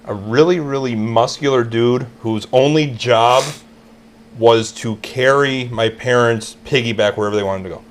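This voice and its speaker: A man from New York co-hosting a casual comedy podcast, making blunt, deadpan jokes. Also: medium pitch, normal speed. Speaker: co-host.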